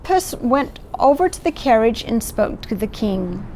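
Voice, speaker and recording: Very animated and a little slow, this middle-aged volunteer storyteller has a slightly high voice, with faint hiss or hum in the recording. She reads a picture book aloud, breaking off for warm comments and to point out the pictures.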